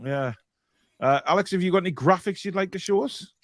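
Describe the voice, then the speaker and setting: A man's voice: high-pitched, a little fast, a bit bright, no echo. Chatty, rambling middle-aged man. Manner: chatty, jokey, rambling with restarts. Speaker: co-host reading viewer comments. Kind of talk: casual live-stream chat.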